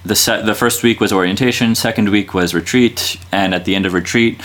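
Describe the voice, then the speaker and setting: A man's voice: lowish voice, a little fast, a bit bright. A man in his thirties, a friar, talking casually in an interview, rambling with lots of fillers and restarts and laughing easily. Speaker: Dominican friar guest.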